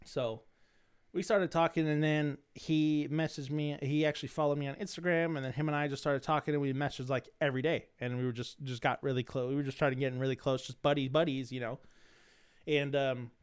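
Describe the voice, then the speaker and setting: A man's voice: a little high, flat delivery, a little fast, clear, resonant tone. A young man hosting a podcast, telling a rambling story in slangy, swearing casual talk, his throat dry and coughing. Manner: rambling, slangy, swears freely, many restarts. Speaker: podcast host.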